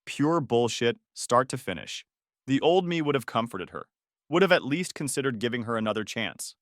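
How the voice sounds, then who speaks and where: A man's voice: mid-range voice, fairly bright tone, dry recording. A man narrating a first-person story in a dry, sarcastic manner, close to the mic.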